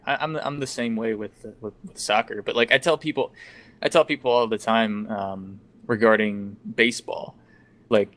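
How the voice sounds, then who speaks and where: Low-voiced man explaining hockey casually. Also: fairly even intonation, normal speed, fairly bright tone. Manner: explains hockey rules at length, many "like" fillers. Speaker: podcast co-host. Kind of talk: casual podcast chat.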